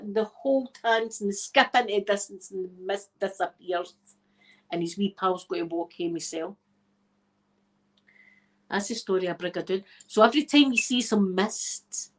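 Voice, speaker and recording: A Scottish woman, an ASMR creator, chatting casually to her viewers as she tells a story, laughing often and checking in with "right?". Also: mid-range voice. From Scotland.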